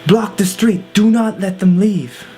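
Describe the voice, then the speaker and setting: A man's voice: high voice, unhurried, faint music behind, voice pushed up. A man doing a frantic, bossy drunk guy. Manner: urgent, shouted orders. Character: frantic drunk male party organizer.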